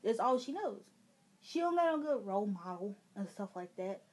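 A woman's voice: mid-range voice, sing-song, normal speed, a little mellow, slightly rough. A woman with a Chicago accent, ranting casually and indignantly to her viewers, rambling with fillers. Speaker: gaming vlogger. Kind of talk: casual venting rant.

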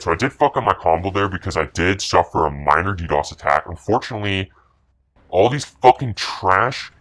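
Very deep-voiced man trash-talking gameplay. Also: fairly bright tone. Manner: boastful, profane, contemptuous trash talk; repetitive catchphrases. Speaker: gaming commentator. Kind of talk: gameplay commentary.

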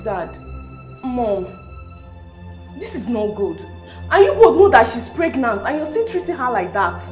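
A pleading young daughter. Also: female voice, fairly high pitch, sing-song, unhurried, roomy sound, soft background music.

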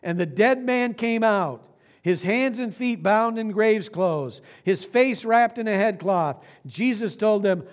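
Male pastor, higher register, earnest storytelling sermon in a church sanctuary. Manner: earnest storytelling preacher, slows for emphasis.

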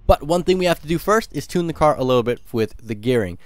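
A man's voice: on the high side, animated, quick pace, dry recording. Hyped man calling out racing speeds. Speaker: gaming YouTuber. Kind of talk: excited gameplay commentary.

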